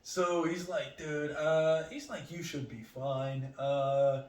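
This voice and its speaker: Guy comedian telling a wild story, swears a lot, kinda high voice, roomy echo. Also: slow, a little hiss or hum. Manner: animated, profane, acts out other people's lines. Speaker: comedian guest. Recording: echoey room, distant mic.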